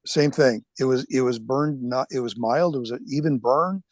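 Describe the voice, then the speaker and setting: A man's voice: mid-range voice, moderate pace, a little mellow, no echo. An older man chatting as a podcast guest, blunt and enthusiastic, swearing casually. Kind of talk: casual chat.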